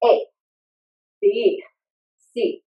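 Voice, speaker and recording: A woman fitness instructor leading a live online workout class over a video call. She exercises along as she coaches and sounds out of breath, giving steady, encouraging cues. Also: extremely slow, highs cut off. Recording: roomy sound from away from the mic.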